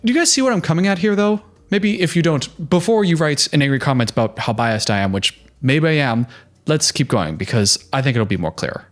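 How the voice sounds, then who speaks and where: In his reaction video, a young host tears into a TV show with a heated, sarcastic recap. His voice is a little high and expressive, running a little fast, and he mocks the voices he quotes.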